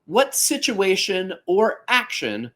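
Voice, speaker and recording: A man in his forties hosting a fitness podcast, talking in a conversational, animated way with playful asides. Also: sits high, slow. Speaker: podcast host. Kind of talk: casual podcast monologue.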